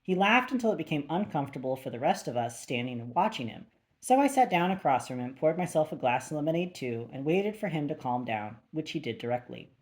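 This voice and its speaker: A woman's voice: low voice, sing-song, fairly quick, darkish tone. A woman narrating a first-person thriller audiobook with a wry, dry delivery.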